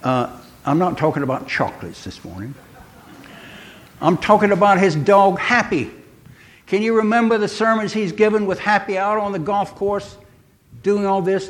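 A man's voice: high voice, moderate pace. An older man giving a sermon, telling stories in a chatty way and asking his listeners questions. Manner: chatty storytelling, asks the congregation questions. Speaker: preacher.

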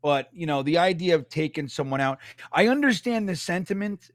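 A man's voice: on the high side, animated, fairly quick, no room sound. A man co-hosting a casual sports talk show, speaking bluntly and swearing now and then. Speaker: co-host.

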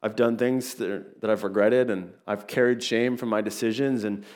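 A man preaching a sermon as pastor, earnest and animated, retelling a story with quick acted asides. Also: fairly low pitch.

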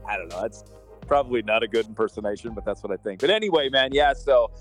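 A man's voice: medium pitch, expressive, fast, soft background music. A man, a podcast co-host, chatting casually and rambling through a story, acting out the people in it. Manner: rambling storyteller, acts out dialogue. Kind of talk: casual chat.

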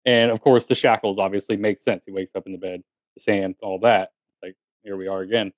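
Animated man talking TV theories. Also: lowish voice, fairly quick, dry recording. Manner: animated, lots of fillers and restarts. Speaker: podcast co-host. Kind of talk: casual chat.

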